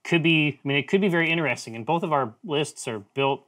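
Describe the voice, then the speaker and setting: A man's voice: fairly high pitch, fast, fairly bright tone. A man hosting a casual live stream, talking in a playful, rambling way with many restarts. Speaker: host.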